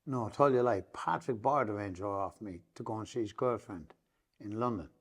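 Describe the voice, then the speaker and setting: A middle-aged podcast guest with an Irish Traveller accent rambles through a long, emotional story, swearing again and again that every word is true. His voice is fairly low and his pace fairly quick.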